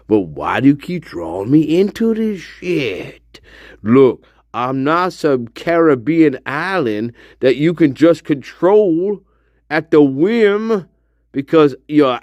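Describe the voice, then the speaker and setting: An exasperated spirit guide from the afterlife, put on by a man rants in a swearing, stammering torrent. His voice swoops up and down in lively pitch while the pace stays slow and drawn out. The sound is dry and close, with no room echo. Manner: foul-mouthed stammering rant. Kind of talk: improvised comic monologue.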